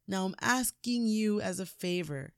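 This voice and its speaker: A woman's voice: medium pitch, a little slow, vocal fry, dry recording. Bitter grown son, woman doing the voice, pleads and accuses, dry close mic. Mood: resentful. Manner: pleading, rising to accusing outbursts. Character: grown son, young man, resentful and bitter.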